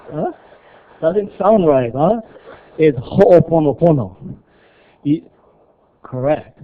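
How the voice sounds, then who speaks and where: Teaching a live workshop, a man drills pronunciation through repetition and checks in with the room after nearly every phrase. His voice is on the high side with lively intonation, drawn-out words, and long pauses. The recording sounds tinny, like a phone.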